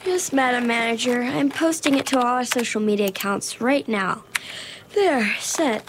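A woman's voice: a little high, normal speed, noisy background, close to an everyday voice. A woman as an earnest young interviewer. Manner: polite and earnest, giggly when nervous.

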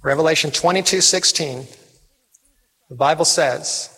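Husky, fervent preacher in a big hall. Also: male voice, on the high side, normal speed, a bit bright. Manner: fervent, call-and-response. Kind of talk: evangelistic sermon. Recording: reverberant hall with faint music.

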